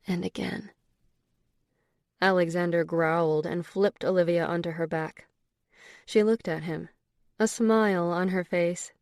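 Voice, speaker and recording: A woman's voice: fairly low pitch, darkish tone, no room sound. Woman narrating an audiobook, dry and close.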